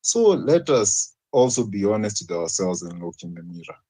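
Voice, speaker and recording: Man, Kenyan accent, panel debate speaker, earnest and argumentative, mellow warm tone. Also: on the low side, sing-song, moderate pace, slightly rough, poor audio. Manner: earnest, argumentative, rhetorical questions. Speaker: debate participant.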